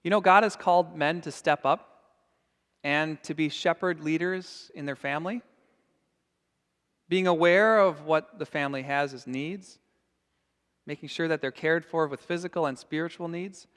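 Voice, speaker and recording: A man's voice: on the high side, normal speed, pauses often, a bit bright, smooth, in a large hall. A man preaching a sermon as pastor, earnest and emphatic. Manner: earnest and emphatic, acting out scenes. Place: church sanctuary.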